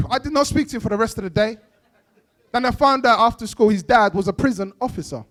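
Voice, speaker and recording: On an event stage, a male stand-up comedian from Bangladesh performs his set as a lively storyteller, acting out characters and laughing often. His voice is very high and he speaks fairly quickly.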